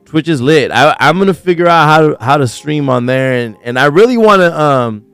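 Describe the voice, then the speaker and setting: A man hosting a casual news commentary livestream, talking in profane, slangy rants that get animated when he is worked up. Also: a little high, brisk, smooth, no room sound, faint music behind. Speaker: host.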